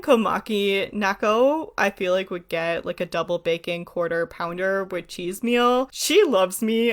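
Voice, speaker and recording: A woman's voice: mid-range voice, a bit bright. A young woman giving a casual, playful solo commentary, chatty and full of little laughs. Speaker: anime commentary YouTuber.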